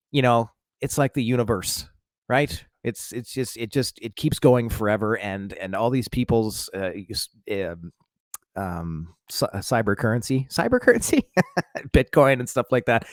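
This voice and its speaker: A man talks straight to his viewers in a loose, rambling vlog monologue. He swears freely, trips over his own restarts and fillers, and pokes fun at himself. His voice sits at an ordinary middle pitch and sounds close and dry, with no room around it. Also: no room sound. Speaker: vlogger.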